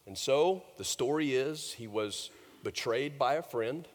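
A man preaching a sermon, telling the story with big swings from loud, lifted lines to hushed, low ones. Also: lively intonation, a little slow, long reverb tail. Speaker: pastor.

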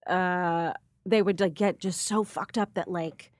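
A woman's voice: lowish voice, steady tone, a little slow, no room sound. A woman comedian telling rambling stories in a casual podcast chat, full of filler words. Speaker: stand-up comedian guest.

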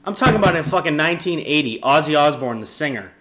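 A man's voice: fairly high pitch, expressive, fast, background noise. A young man from New Hampshire co-hosting a podcast, cursing constantly and tripping over repeated restarts in casual chat. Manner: profane, rambling, stammering restarts. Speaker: podcast co-host.

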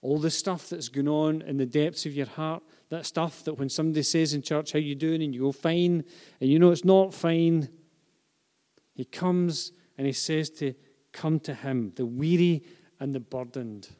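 A man preaches in a church hall, his voice sitting a little high for a man. He moves from soft, intimate phrases to loud, insistent repetition. A long reverb from the large room trails after each line. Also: moderate pace. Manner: impassioned, builds from hushed to loud with repeated emphasis. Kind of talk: sermon. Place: church hall with a live and online congregation.

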